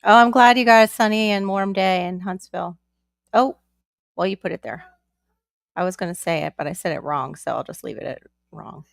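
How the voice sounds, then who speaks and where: A chatty woman hosts a casual live stream from home, rambling from one thing to the next and greeting her viewers one by one. Her voice has a gravelly, creaky edge, and the sound is close and dry with no room echo. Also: medium pitch, a little fast. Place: at home with her young son nearby.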